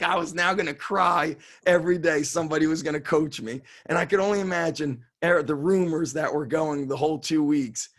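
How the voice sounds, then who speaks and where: Interview guest: a middle-aged man from Israel, a strength coach, telling animated and profane stories at an average pitch. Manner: animated, profane, acts out quoted voices. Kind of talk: casual storytelling interview.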